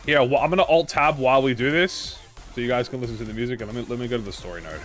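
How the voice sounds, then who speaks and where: Speaking rapid-fire in a medium-pitched, fairly bright voice, this man chats with viewers as he streams a game live. Faint game music plays beneath his casual talk, which wanders, backtracks to correct itself and fades into mumbling.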